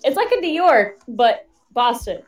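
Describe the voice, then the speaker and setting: A woman in a casual chat among friends, animated and acting out quotes as she talks. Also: fairly high pitch, a little slow.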